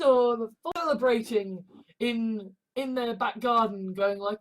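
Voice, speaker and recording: Lady with a high voice going off in a sweary rant, doing little voices for people. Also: measured pace. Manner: profane, animated, acts out quoted reactions. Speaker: host. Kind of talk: casual ranting commentary.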